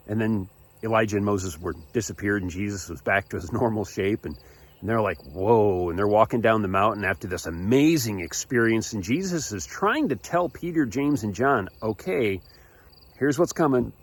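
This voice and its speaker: A man's voice: fairly low pitch, fairly quick. Guy telling a bible story to kids, casual, voice bounces all over. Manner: animated, frequent restarts, chuckles. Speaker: children's church storyteller.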